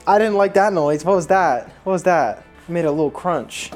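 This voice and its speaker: A man's voice: on the high side, normal speed, few pauses, music in the background. A young American man chatting in a casual vlog at home, dramatic and self-mocking, swearing as he talks. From United States. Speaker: streamer and vlogger. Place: at home, setting up a computer.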